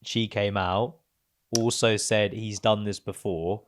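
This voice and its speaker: A man's voice: fairly low pitch, steady tone, takes it slowly. A man co-hosting a podcast, telling a story with dramatic delivery. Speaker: podcast co-host. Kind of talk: casual chat.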